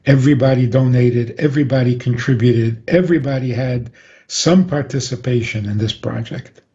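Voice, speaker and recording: A man, a rabbi, calmly explaining on a radio talk program and chuckling often. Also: medium pitch, moderate pace. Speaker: rabbi guest. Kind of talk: radio interview, Torah teaching. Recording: dull lo-fi radio audio.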